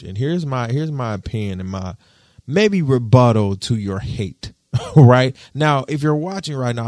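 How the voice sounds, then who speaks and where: A young man hosts his podcast alone, telling stories in a loose, slangy way. He jumps from loud, excited bursts to low asides, and his voice sits in a middle pitch. The sound is dry and close, with no room echo. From Detroit. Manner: animated, slangy, swings from loud exclamations to low muttering. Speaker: podcast host. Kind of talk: casual storytelling monologue.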